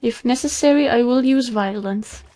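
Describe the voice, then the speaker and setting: A woman's voice: fairly high pitch, normal speed, dark tone, faint music behind. A woman casually talking through her game as the host of a let's play, chatting to the animals on screen. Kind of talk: casual gameplay commentary.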